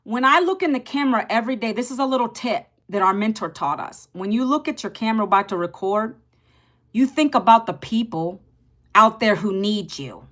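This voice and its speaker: A woman in her fifties talking casually to camera as an online business coach, chatty, repeating herself and calling viewers "guys". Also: a little fast. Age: 50s. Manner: lively, pitch jumps up and drops low.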